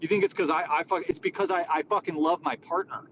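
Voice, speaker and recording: A man's voice: fairly high pitch, fairly even intonation, fast, lo-fi sound, background noise. A man hosting a live audio chat, talking in a rambling, profane and exasperated way. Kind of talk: casual chat.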